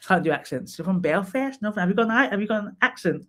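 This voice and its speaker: A man hosts a casual live stream, talking straight to his viewers and giving frank feedback. His voice sits a touch higher than most men's. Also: racing, vocal fry, few pauses, a bit bright. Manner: chatty, candid, talks to viewers by name; drops into sung snatches and playful asides. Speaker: live stream host reviewing profiles.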